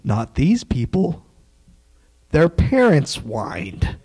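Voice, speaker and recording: A man preaching a sermon in a folksy, joking way, dropping into quiet asides. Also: fairly high pitch, wildly swooping pitch, very slow, breathy edge, low-quality recording.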